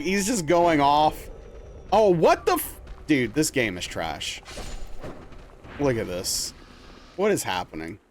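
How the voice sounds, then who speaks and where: Young dude streaming a game, kinda high voice, just rambling and telling stories to chat. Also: male voice, measured pace, a little hiss or hum. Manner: rambling, animated storytelling with lots of "dude" and "like". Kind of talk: casual chat while playing a game live.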